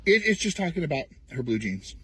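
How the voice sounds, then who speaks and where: A man's voice: a little high, sing-song, fairly quick, a bit bright, slight background noise. A man in a played online clip, ranting sarcastically and mocking his opponents. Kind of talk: sarcastic social media rant.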